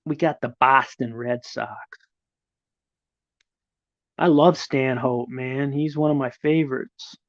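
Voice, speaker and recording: Brief: middle-aged male stream host, gravelly and rough, swears freely, rambles off viewer comments, dry muffled audio. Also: mid-range voice, fairly even intonation, takes it slowly, pauses often, no echo. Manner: rambling and profane. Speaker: livestream host. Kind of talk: casual live chat, answering viewers.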